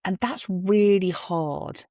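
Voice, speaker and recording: A woman's voice: medium pitch, takes it slowly, mellow, dry recording, studio quality. A woman hosting her own podcast, talking through her thoughts in an earnest, musing way with self-deprecating asides, recorded on a phone in a car. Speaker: podcast host. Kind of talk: reflective solo monologue. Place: parked car.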